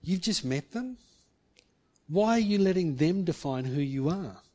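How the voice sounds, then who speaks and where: Male pastor, earnest sermon, fairly high voice, acts out quotes, emphatic peaks. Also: animated, measured pace, a little mellow.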